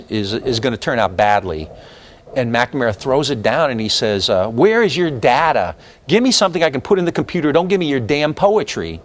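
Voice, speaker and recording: A man giving a university history lecture in an animated, opinionated, conversational way, full of fillers and restarts. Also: mid-range voice, a little hiss or hum. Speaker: history professor. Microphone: lecture hall recording.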